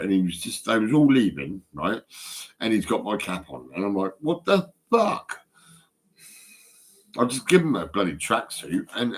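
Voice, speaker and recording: A man with a very low, husky voice talks into his phone. He rambles, swears freely and stumbles over repeated words. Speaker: vlogger. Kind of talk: casual rambling monologue.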